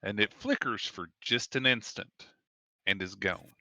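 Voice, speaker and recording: A man narrating a tabletop role-playing game as game master, describing scenes in a measured way. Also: fairly low pitch, bright, forceful tone, no room sound.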